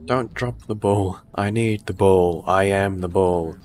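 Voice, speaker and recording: A man's voice: low-pitched, a little slow, noisy background. A man, feeling a bit sick, giving casual, joking let's-play commentary and swearing often. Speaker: gaming YouTuber.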